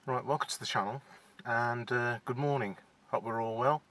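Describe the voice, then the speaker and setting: Young West Midlands man, shy first-time vlogger, bright-voiced, hesitant, chatting in his car. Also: medium pitch, normal speed. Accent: West Midlands (Wolverhampton). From England. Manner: shy, hesitant, many fillers and restarts. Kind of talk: casual to-camera chat. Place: inside a parked car.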